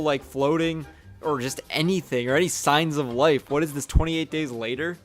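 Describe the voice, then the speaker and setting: A man's voice: on the high side, moderate pace, soft background music. A young man giving a casual, sarcastic movie review voice-over, blunt and swearing offhandedly.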